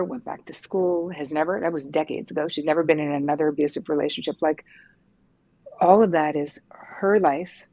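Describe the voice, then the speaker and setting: A middle-aged woman, a psychotherapist guest, telling her story frankly and lively, swearing casually. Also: low voice. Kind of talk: candid conversational storytelling.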